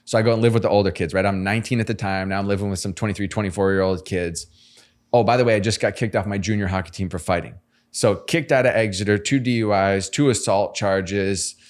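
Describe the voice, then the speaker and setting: Slangy animated man telling his story. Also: lowish voice, fast. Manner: animated, slangy storyteller, acts out quoted voices. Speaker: podcast guest. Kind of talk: casual storytelling interview.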